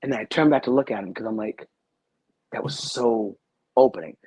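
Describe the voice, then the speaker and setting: Talk-show guest, male, deep and raspy, dry close sound, intense storyteller who repeats himself. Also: fairly quick, darkish tone, no echo, poor audio. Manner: rambling, repeats phrases, earnest and intense. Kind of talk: telling a personal story in a talk-show interview.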